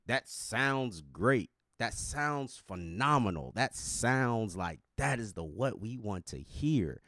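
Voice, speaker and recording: Guy doing a reaction vid, lowish voice, super casual and slangy, dry close mic. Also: no room sound. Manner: conversational, talks with slang and filler words. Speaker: reaction video commentator. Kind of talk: casual commentary.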